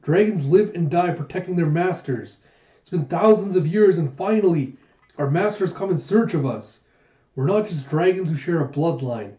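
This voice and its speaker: A man's voice: on the high side, expressive, normal speed, mellow, roomy sound, far from the mic, highs cut off, voice pushed up, natural voice. Man voicing an eager, fervent young dragon. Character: earnest, devoted young male dragon warrior.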